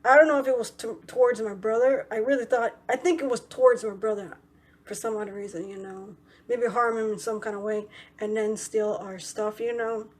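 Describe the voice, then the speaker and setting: A woman's voice: a little high, steady tone, a little fast. A young woman vlogger telling a story in a casual, rambling way, full of "you know" and "right".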